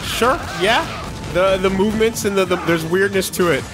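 A man co-hosting casual gaming commentary, joking with quick asides. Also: high voice. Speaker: let's play co-host. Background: game music.

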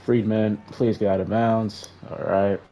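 A man's voice: fairly low pitch, a little slow, highs cut off. A young man casually commenting on his own football video game play, talking to the players on screen and sighing in frustration. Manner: frustrated, talks to players on screen, flat sighs between outbursts. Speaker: gaming YouTuber.

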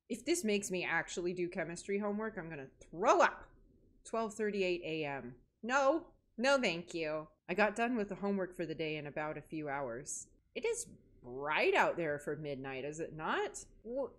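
A young woman hosting a horror game playthrough, joking and reacting dramatically as she plays. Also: lowish voice. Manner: jokey, dramatic, talks to herself and the game. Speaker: gaming video host.

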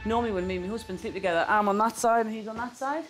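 A woman's voice: medium pitch, racing, hardly any pauses, noisy background. A woman, a contestant speaking to camera, chatty and playful, acting things out as she explains. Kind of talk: interview to camera. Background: music.

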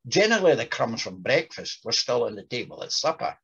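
Husky gravelly man giving a literary talk. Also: medium pitch, a little fast, highs cut off. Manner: reads quotes with lively voices. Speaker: lecturer. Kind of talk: talk with dramatic readings.

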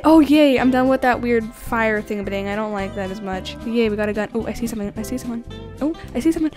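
Girl youtuber playing games, high voice, giggles a lot, pokes fun at herself. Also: fast, faint music behind. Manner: giggly, excitable, self-deprecating. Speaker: gaming YouTuber. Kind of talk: casual gameplay commentary.

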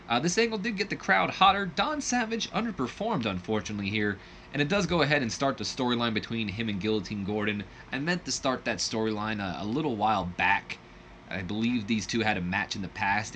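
A man's voice: medium pitch, sharp tone, slight background noise. A man narrating a wrestling sim in a rambling, self-correcting way, laughing at his own slips. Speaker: game commentator. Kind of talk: let's play narration.

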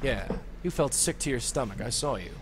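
A man's voice: medium pitch, animated, brisk, slight background noise, natural voice. An actor voicing a wisecracking 1930s male ghost guide in a video game, with tough-guy patter and a New York accent.

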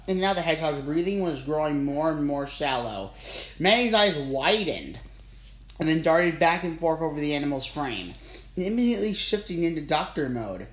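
Roomy audiobook narrator. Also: mid-range voice. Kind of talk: storybook narration. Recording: roomy with faint ambience.

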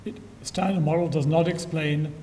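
An older man giving a public science lecture with dry humor and frequent filler pauses, recorded in a lecture hall from a distance. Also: fairly even intonation, mellow. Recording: echoey hall from far off, faint rumble.

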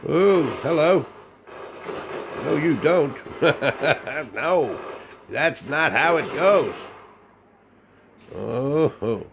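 Aussie guy commentating his game, high voice, slow easygoing delivery, lots of chuckles. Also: animated, a little hiss or hum. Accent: Australian. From Australia. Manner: playful, chuckling, sing-song exclamations. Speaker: gaming channel host. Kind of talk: casual gameplay commentary.

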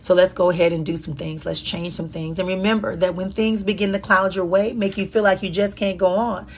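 A woman's voice: lowish voice, steady tone, normal speed, breathy edge. A woman hosting a live-streamed motivational chat, speaking in repetitive affirmations with a preacher-like cadence. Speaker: host and life coach. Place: indoor room at a conference venue.

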